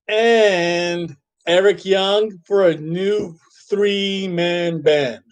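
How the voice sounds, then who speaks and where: Male podcast host, high-pitched and slow-paced, thinks out loud in loose casual chat. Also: fairly even intonation, clear, resonant tone, poor audio. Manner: rambling, thinks aloud, restarts sentences. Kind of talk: casual wrestling review chat.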